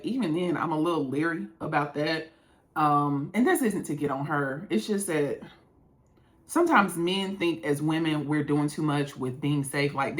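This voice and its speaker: A woman hosting a casual reaction video while doing her makeup, emphatic and giving advice, repeating herself for stress. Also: low voice.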